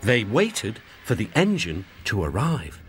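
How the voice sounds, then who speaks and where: A man narrating a children's storybook in an expressive reading. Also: lowish voice, measured pace. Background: music.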